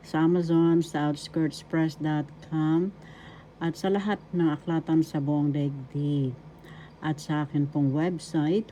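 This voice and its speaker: In this lesson, a middle-aged woman from the Philippines repeats words and sounds them out one syllable at a time, speaking in a low, dark-toned voice. The high frequencies are cut off and there's a faint hiss or hum.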